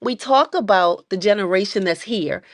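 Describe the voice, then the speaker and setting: A woman's voice: medium pitch, expressive, moderate pace. A woman hosting a casual conversation. She talks in an encouraging, emphatic way and often breaks into preachy asides. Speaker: podcast host.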